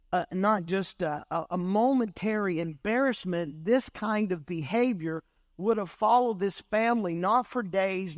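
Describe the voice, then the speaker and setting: A pastor delivering an earnest sermon, now and then clearing his throat. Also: high voice, no echo, studio quality. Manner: earnest preaching, coughs and clears throat at times.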